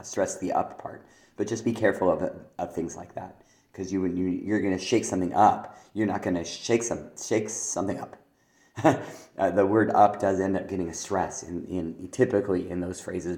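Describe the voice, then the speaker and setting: Man, very low voice, teacher feedback, clears throat often, roomy echo. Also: a little mellow. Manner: explanatory, with fillers and throat-clearing. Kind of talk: spoken feedback on rhyme exercises.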